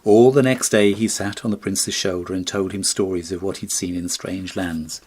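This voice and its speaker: A man narrating a classic storybook in a measured, expressive reading. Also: deep voice, slightly rough. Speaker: audiobook narrator.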